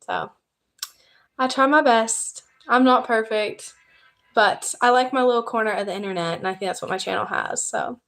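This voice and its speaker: A woman's voice: fairly high pitch, normal speed, vocal fry, fairly bright tone. A young woman from the American South with a Southern accent, chatting casually on a livestream and thanking viewers for subscribing. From Southern United States. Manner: chatty and upbeat, reading out viewer comments and thanking new subscribers. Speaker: YouTuber hosting a livestream.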